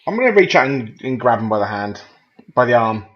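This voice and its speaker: Halting man player, dull lo-fi sound. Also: mid-range voice, big pitch swings. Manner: halting, lots of fillers and restarts.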